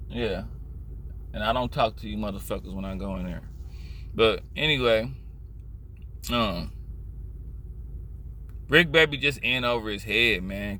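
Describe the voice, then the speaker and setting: Blunt Californian man, bright tense voice. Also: mid-range voice, a little hiss or hum. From Richmond, California. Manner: blunt, profane, rambling storytelling. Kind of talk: casual street commentary.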